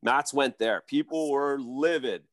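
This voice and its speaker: A man's voice: medium pitch, unhurried, fairly bright tone, no echo, clean studio sound. A man, a former hockey player guesting on a sports podcast, talking in a rambling, self-correcting way with lots of restarts. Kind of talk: casual sports podcast chat.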